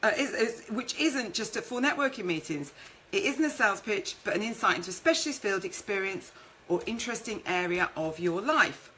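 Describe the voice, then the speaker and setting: A chatty woman hosting a live stream, her voice bright and forward. She talks casually, reads out comments from viewers and tells stories from her own working life, with a faint hiss of noise behind her. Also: mid-range voice, expressive, brisk, rough recording. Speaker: networking show host and speaker.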